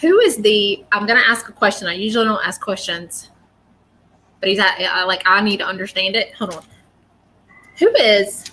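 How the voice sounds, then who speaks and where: A woman's voice: medium pitch, bright, forceful tone, slight background noise. A woman giving a live psychic reading, earnest and reassuring, often repeating her words. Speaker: psychic medium.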